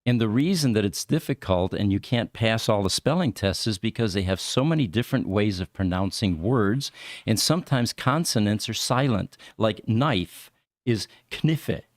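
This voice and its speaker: A man hosting an interview show, talking in a relaxed, conversational way with filler pauses. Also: on the low side, dry recording, clean studio sound. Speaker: show host. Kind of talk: casual interview chat.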